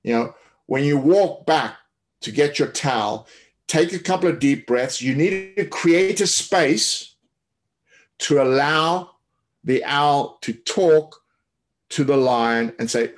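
A man's voice: fairly high pitch, takes it slowly. A man giving a coaching webinar, explaining in a loose way with many fillers and restarts. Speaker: tennis coach. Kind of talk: webinar talk.

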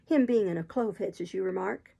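A woman voicing a wild, marooned old male sailor in an audiobook reading, talking in rough sailor's dialect, eager and sly. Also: mid-range voice, a little fast, dark tone.

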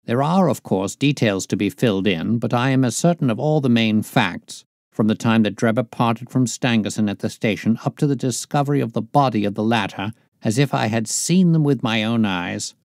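A man's voice: moderate pace, dry recording, clean studio sound, natural voice. A man reading aloud, voicing a brilliant and self-assured male detective in a raised, emphatic tone. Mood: confident. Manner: higher, louder, emphatic delivery.

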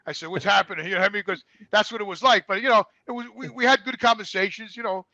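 A man telling animated, profane stories as a guest in casual conversation. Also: high-pitched, quick pace, no room sound, dull audio. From New York. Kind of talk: casual storytelling.

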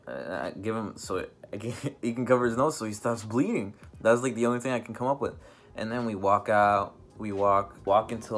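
A man's voice: on the low side, fairly bright tone. A young man telling a casual storytime vlog, rambling with many fillers and restarts. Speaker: vlogger.

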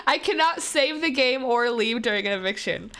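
A young woman talks casually over her gameplay at a desk mic, joking at her own mistakes. Her voice sits high and swings widely in pitch, and she breaks into loud exclamations when the game surprises her. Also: animated, moderate pace. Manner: chatty, self-mocking, exclaims loudly at surprises. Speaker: gaming YouTuber.

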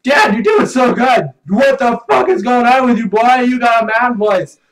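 A man voicing a goofy father who talks loudly and mock-sternly to his son during a game. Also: extremely high pitch, animated, normal speed, recorded from a distance, pitched above the performer's own voice, poor audio.

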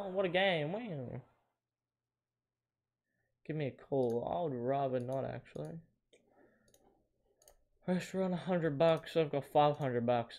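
A man's voice: medium pitch, background noise. A young man giving casual commentary while playing a football video game, often frustrated and yelping at missed shots. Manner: frustrated, yelps and groans at misses. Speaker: gamer.

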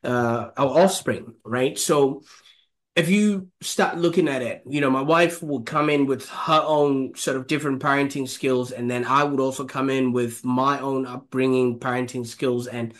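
A man's voice: mid-range voice, steady tone. Rambling man hosting an interview. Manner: rambling, halting with many fillers. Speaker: podcast host. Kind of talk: interview questions.

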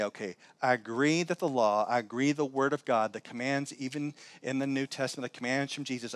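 A man preaching a sermon as pastor, swinging between loud, high exclamations and low, quiet asides. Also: no room sound. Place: church sanctuary.

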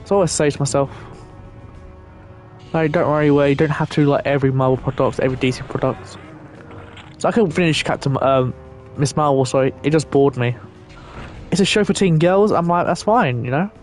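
A man's voice: fairly high pitch, a little fast, a little mellow. Rambling young man over game music. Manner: rambling, chatty, swears casually. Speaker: gaming channel host. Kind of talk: casual gameplay commentary.

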